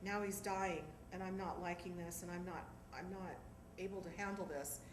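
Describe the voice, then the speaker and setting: A middle-aged woman from Southern California performing a one-woman stage monologue, animated and acting out voices. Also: on the low side, normal speed. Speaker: storyteller performer. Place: theatre stage. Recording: echoey theatre with background noise.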